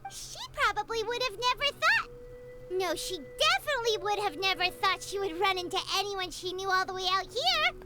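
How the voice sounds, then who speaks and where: A woman's voice: extremely high pitch, lively intonation, normal speed, very noisy. A woman voicing a tiny, chatty fairy-girl companion in a video game who talks about herself in the third person. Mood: chirpy curious. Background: game music.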